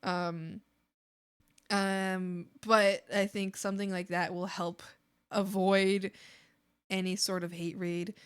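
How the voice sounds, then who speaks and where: A woman's voice: medium pitch, little pitch movement, slow, pauses often, smooth. A young adult woman streamer chatting casually with her viewers, rambling with many fillers and frequent giggles. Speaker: art streamer.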